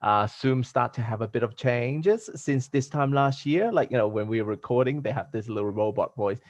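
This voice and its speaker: A man's voice: medium pitch, moderate pace. A man hosting a podcast in casual conversation over a video call, talking in a rambling, hesitant way with many restarts. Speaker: podcast host.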